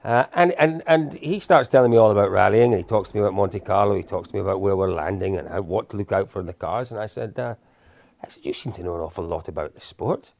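A man's voice: on the low side, fast talker, gravelly, darkish tone, no echo. A man in his fifties, a guest telling casual stories in a chatty, self-deprecating way with lots of restarts. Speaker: interview guest. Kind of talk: casual storytelling.

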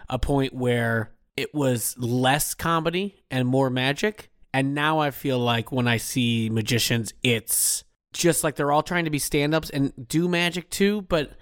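A man's voice: medium pitch, measured pace, hardly any pauses, a bit bright, no room sound. Rambling man telling stories, close and dry. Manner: rambling storyteller with restarts, laughs often. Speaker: podcast co-host. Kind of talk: casual chat.

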